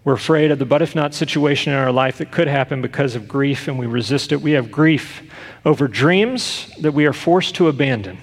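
A middle-aged man, a pastor, preaching earnestly with rhetorical questions and loud bursts of emphasis. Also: mid-range voice, brisk, long reverb tail. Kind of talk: sermon.

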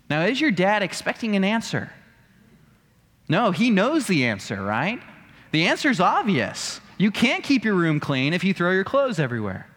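A man's voice: sits high, sing-song, normal speed, a bit bright, long reverb tail. A man preaching a sermon, emphatic and full of rhetorical questions. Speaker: pastor.

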